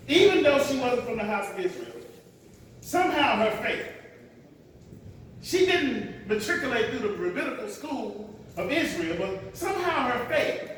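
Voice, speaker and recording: A high-pitched male pastor preaches slowly in a lively, swooping voice. He is picked up from a distance in a big, echoing church. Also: slight background noise. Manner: preaching with dramatic swings, acting out voices; repeats "watch this" as a refrain. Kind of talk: sermon. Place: large church sanctuary. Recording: echoey hall, picked up from a distance.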